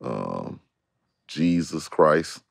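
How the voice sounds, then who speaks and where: A rapper guest in casual podcast chat, laid-back and slangy. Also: male voice, a bass voice, sing-song, drawn-out words, gravelly, no echo, studio quality.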